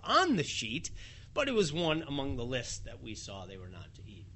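A man preaching a sermon in a fairly high, bright and forceful voice. He tells the story in a lively way and chuckles now and then as he goes. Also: normal speed, a little hiss or hum.

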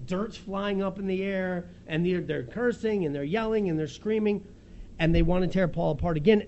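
A man preaching a sermon, retelling a story in a lively, chuckling way as if he can see it happen. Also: high-pitched, moderate pace, highs cut off, slight background noise. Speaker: pastor.

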